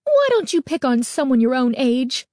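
Shrill angry mother, as a woman reader puts her on. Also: big pitch swings, normal speed, darkish tone, no room sound, clean studio sound. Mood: angry, demanding. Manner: demanding, indignant.

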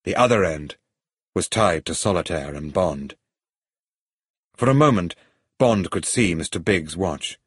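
A man reads an adventure story aloud in a steady, even way. His voice sits low and is slightly husky. The recording is dry and close to the mic. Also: measured pace, pauses often, no room sound. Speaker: narrator. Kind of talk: audiobook story reading.

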